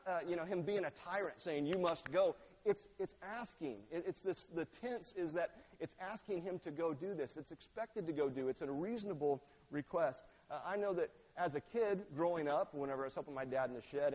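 A man's voice: high-pitched, a little mellow. A man pastor giving a conversational sermon in a church, acting out quoted lines. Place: church sanctuary. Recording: long reverb of a large church.

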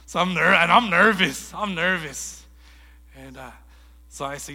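A man preaching a sermon in a lively storytelling way, acting out conversations as he goes. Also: a little high, unhurried, in a large hall. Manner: animated storytelling, acts out dialogue. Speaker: guest preacher.

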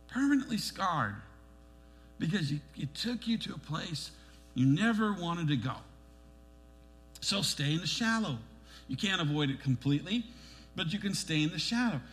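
A middle-aged man preaching a sermon as a pastor, animated, pushing his emphasis upward and acting out the voices he quotes. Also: sits high, moderate pace, long pauses.

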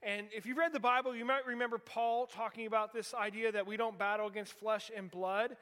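A man's voice: sits high, steady tone, fairly quick, sharp tone, clean tone. A man of about forty preaching a sermon in a church, telling a candid personal story with self-deprecating humor. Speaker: pastor. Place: church sanctuary. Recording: long hall reverb in a church.

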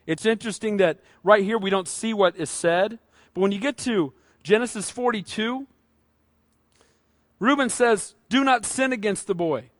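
High-voiced preaching man, dry sound. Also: normal speed, dry recording. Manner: animated, acts out voices of Bible figures. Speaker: pastor. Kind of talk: sermon.

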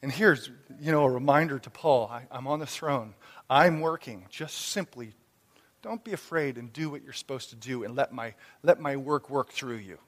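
A man in his thirties or forties preaching a sermon as a pastor, conversational and animated. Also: medium pitch, normal speed. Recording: long reverb of a hall.

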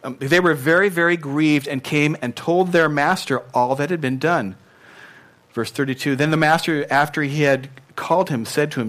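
Animated man preaching a sermon. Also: a little high, moderate pace. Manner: animated, emphatic, laughs often, acts out quotes. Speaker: pastor.

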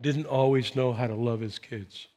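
A man in his sixties preaching as a pastor, swinging from loud emphasis to hushed quiet. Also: medium pitch, fairly even intonation, normal speed. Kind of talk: sermon.

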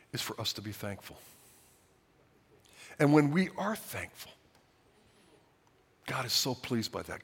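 A man preaching with lively, swooping pitch that drops to near-whispers and rises to loud cries. His voice rings out with a long hall reverb, as in a large church. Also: husky. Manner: dramatic, swings from hushed to shouting. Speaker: pastor. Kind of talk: sermon.

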